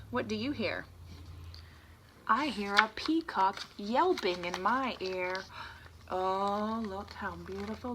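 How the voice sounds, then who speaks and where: A woman's voice: mid-range voice, a little hiss or hum, rough recording. Woman reading a picture book to children. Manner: animated, sing-song read-aloud with warm asides to children. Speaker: teacher.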